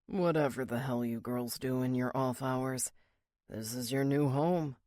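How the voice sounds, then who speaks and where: A man voicing a rough, blunt male biker who swears and growls his words, in an audiobook. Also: measured pace, a little mellow, no echo, clean studio sound, natural voice. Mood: gruff. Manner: crude, swearing, low growl. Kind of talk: audiobook character reading.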